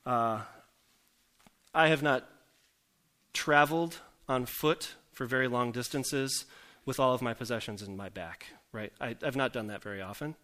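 A man's voice: mid-range voice, a little slow, fairly bright tone. A male pastor giving a conversational sermon, full of self-deprecating jokes and rhetorical questions to the congregation. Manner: joking, self-deprecating asides.

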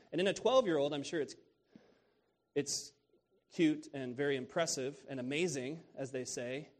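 Casual conversational male preacher. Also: mid-range voice. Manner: casual, repeats key phrases, asks "right?". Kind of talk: conversational sermon on scripture.

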